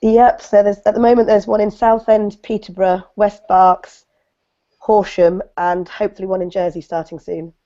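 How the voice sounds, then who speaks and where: A croaky woman, a teacher, chatting about her work on an online webinar. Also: mid-range voice, steady tone, normal speed, warm tone. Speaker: teacher guest. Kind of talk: webinar introduction. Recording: lo-fi online call audio.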